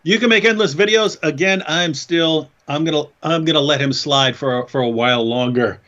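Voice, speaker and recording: A man co-hosting a casual livestream chat, talking in an animated, mocking way and laughing often. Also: fairly high pitch, normal speed. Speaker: co-host. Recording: dull lo-fi stream audio.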